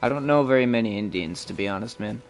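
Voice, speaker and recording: A man streams a game live, cursing, trash-talking opponents and chatting casually with viewers as he comments. He speaks fast in a lowish voice, with soft music playing in the background.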